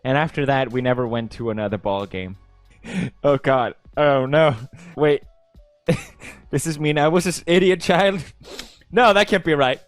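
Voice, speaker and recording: A man's voice: medium pitch, a little slow, pauses often, no echo, soft background music. A young man from Sweden reading posts aloud in casual commentary, sarcastic and playful, laughing often.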